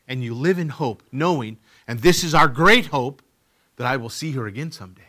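Middle-aged male preacher, bright tone, sermon delivery, dynamic from hushed to booming, repeats for emphasis. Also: expressive, a little fast. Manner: swings from quiet to loud, emphatic repetitions. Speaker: pastor.

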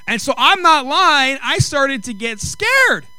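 A middle-aged male pastor preaching a sermon with comic storytelling, animated and acting out dialogue. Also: extremely high pitch, slow, dry recording, poor audio. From Mexican heritage. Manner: animated, acts out quoted dialogue, rising to exclaim.

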